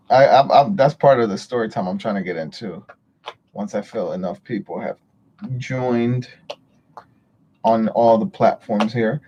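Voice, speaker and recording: A man's voice: fairly low pitch, darkish tone, a little hiss or hum. A man chatting casually on a livestream, greeting viewers and rambling with frequent swearing. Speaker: livestream host.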